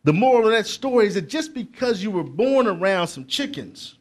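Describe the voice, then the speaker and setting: A man's voice: sits high, big pitch swings, fairly quick. Emphatic middle-aged motivational speaker, man. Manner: preacherly, building to loud emphatic peaks; conversational asides to the crowd. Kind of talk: motivational speech to youth. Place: conference hall.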